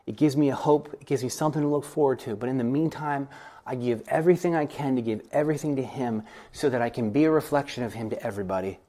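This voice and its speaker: Animated man teaching a church group. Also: mid-range voice, a little fast. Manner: animated, self-deprecating, acts out quoted voices. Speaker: pastor. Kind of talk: informal Bible study teaching.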